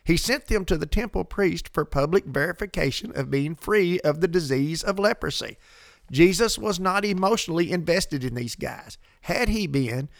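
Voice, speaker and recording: A man co-hosting a conversational Bible discussion, emphatic and animated, with quick asides. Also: fairly high pitch, gravelly, no room sound, clean studio sound.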